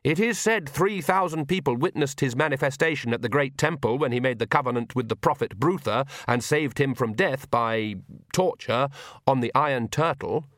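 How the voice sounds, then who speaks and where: A man's voice: mid-range voice, normal speed, a bit bright, dry recording, clean studio sound, voice pushed up, lightly acted. A man voicing a stern, fierce old woman witch in an audiobook, with blunt, preaching rural speech. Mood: scornful. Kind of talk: audiobook character voice.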